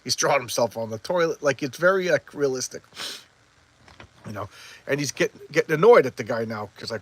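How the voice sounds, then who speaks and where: A man's voice: medium pitch, animated, a little fast. A man casually recapping a comic, rambling and acting out the characters' lines. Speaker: comic book reviewer.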